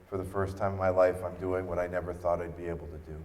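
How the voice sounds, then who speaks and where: A man speaks from an expo stage with a fairly low voice, telling a personal story earnestly. His voice carries a long reverb from the hall. He switches into lively voices when he quotes people. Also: fast. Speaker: keynote speaker.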